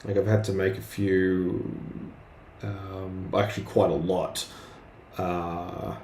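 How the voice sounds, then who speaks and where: Male streaming artist, low and unhurried, hesitant casual chat, roomy recording. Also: level tone, a little mellow. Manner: hesitant, many fillers and restarts. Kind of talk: casual live-stream chat while drawing. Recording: roomy with faint background noise.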